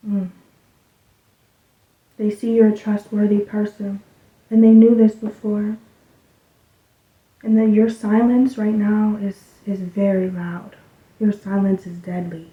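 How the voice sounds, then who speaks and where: Woman reading cards for her channel: loose, rambling, low-key and even in pitch, recorded thin and boomy. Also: slow, pauses often. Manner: rambling, loose, with soft muttered asides. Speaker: tarot reader. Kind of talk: casual spiritual card reading. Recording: tinny, phone-like sound in an echoey room.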